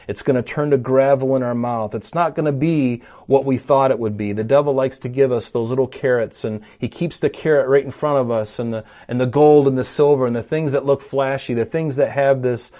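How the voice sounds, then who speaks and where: A man preaching a sermon, teaching through a passage in a conversational way and growing forceful when he quotes scripture. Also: medium pitch, steady tone, a little fast, hardly any pauses. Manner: conversational with frequent fillers and restarts. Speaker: pastor.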